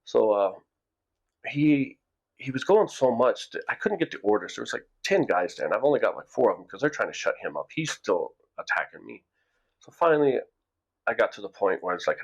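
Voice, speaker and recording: A middle-aged man from the United States speaks in a low, gravelly voice with a lot of fry. He tells a story to camera in a loose, rambling way, restarting and repeating words as he goes. The recording sounds dull and lo-fi. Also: sing-song, brisk. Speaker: vlogger. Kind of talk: casual storytelling monologue.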